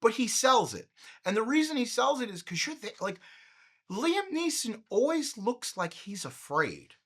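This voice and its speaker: A man hosting a podcast, riffing through a profane, comedic movie retrospective with animated jokes. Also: very high-pitched, measured pace. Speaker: podcast host.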